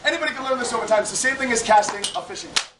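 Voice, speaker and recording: Performing a whip-cracking act live in a large hall, a man with a very high voice talks very fast, rambling and teasing the audience with jokes as comedic stage patter. The recording is distant and echoey, with crowd noise.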